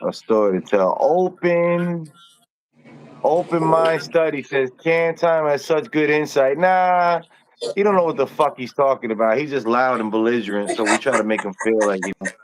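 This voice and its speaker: A man's voice: mid-range voice, moderate pace. A young man hosting a casual live stream, talking in a laid-back, slangy way and swearing freely. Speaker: livestream host.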